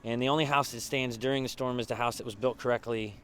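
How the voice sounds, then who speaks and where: A fast-talking man with a medium-pitched, fairly bright voice and fairly even intonation gives a casual behind-the-scenes recap of the business mastermind group he leads. He uses lots of fillers and restarts, and there's slight background noise.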